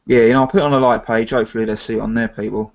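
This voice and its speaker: A man co-hosts a casual live-stream chat about film reviews, talking at a racing pace in a medium-pitched, fairly even voice. He rambles, restarts often and retells stories with dialogue. The live stream audio is muffled and lo-fi.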